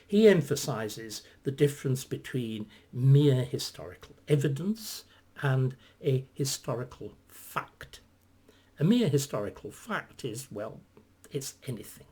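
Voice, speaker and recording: An older man, a historian, talking reflectively in an articulate, lecturing way, stressing points and then dropping to soft, near-whispered asides. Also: medium pitch, very animated, unhurried, breathy edge. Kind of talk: reflective conversation.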